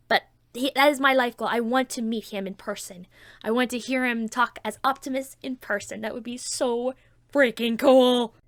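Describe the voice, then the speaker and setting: A woman hosting a casual Q&A vlog, chatty and excitable, with a stuffy nose from a cold. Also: fairly high pitch, no room sound, clean studio sound. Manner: chatty and excitable, many fillers and restarts. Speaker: channel host.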